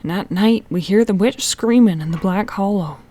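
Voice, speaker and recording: A woman's voice: moderate pace, dark tone, natural voice. Woman voicing a stern country lady telling a witch tale. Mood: ominous. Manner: low, intense storytelling.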